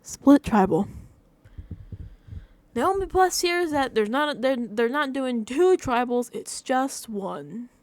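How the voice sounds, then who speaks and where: Speaking a little slowly in a high voice with hardly any pauses, a young woman vlogger rants animatedly about a reality show she's recapping. She leans on filler words and often laughs at how exasperated she is.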